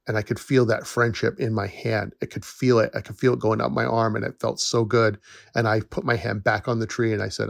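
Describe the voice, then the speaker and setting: A man's voice: fairly low pitch, steady tone, a little fast, gravelly, no room sound, studio quality. A middle-aged man hosting a podcast, talking in an earnest, reassuring way and laughing now and then. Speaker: podcast host, forest educator. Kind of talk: casual solo podcast talk.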